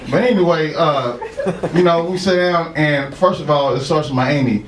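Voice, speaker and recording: A man's voice: mid-range voice, a little fast. A man doing stand-up, telling a story full of swearing and laughing at his own jokes. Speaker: stand-up comedian. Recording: echoey room with crowd noise.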